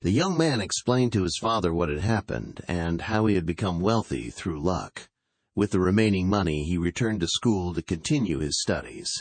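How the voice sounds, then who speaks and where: A man with a deep, husky voice telling a bedtime story, his pitch moving in a lively way. He is recorded close and dry. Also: moderate pace, no echo. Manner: calm storytelling with acted voices. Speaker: narrator.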